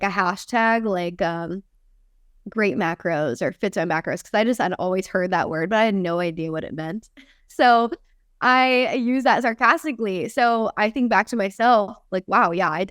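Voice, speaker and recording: Chatty woman with a smooth voice. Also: medium pitch, a bit bright, dry recording, studio quality. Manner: chatty, quick, laughs often. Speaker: fitness coach and company founder. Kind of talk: casual podcast interview.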